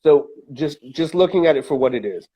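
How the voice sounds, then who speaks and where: A man's voice: a little high, animated, brisk, dark tone, slightly rough. A man co-hosting a casual podcast, talking through his opinions with lots of fillers and restarts. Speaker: podcast co-host.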